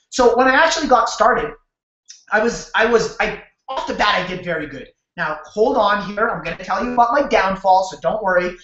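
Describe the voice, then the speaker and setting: A man from Canada hosting a sales webinar over a video call, telling his story in an energetic, repetitive way and talking straight to his audience. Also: high-pitched. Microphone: webcam or computer mic on a video call. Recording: roomy, dull lo-fi webcam audio.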